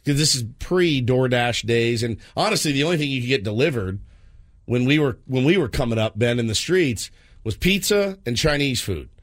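Brief: thirties male co-host, chatty and exasperated, mid-pitched everyday voice. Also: expressive, moderate pace. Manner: self-deprecating, exasperated rambling. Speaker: radio show co-host. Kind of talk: casual morning show chat.

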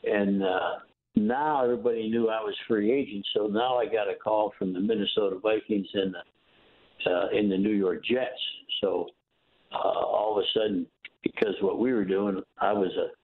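An older man, a former football coach, telling stories in an interview in a folksy, animated way, acting out the other voices. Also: on the low side, moderate pace. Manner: folksy, animated storytelling with quoted dialogue. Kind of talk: storytelling interview. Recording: tinny phone line.

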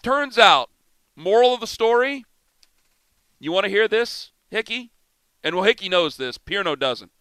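A middle-aged man hosting sports talk radio, telling a story in an animated, self-mocking way. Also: high voice, unhurried, long pauses, clear, resonant tone, no room sound. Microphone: studio microphone.

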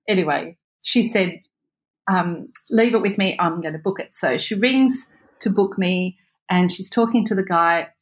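A woman telling a story in a casual chat, animated, laughing often and acting out the voices of the people in it. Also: on the low side, unhurried.

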